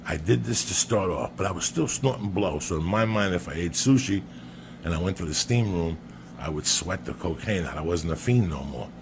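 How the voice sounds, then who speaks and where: Gravelly, low-pitched man, profane animated storyteller, noisy podcast audio. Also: normal speed. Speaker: podcast guest. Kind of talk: storytelling anecdote.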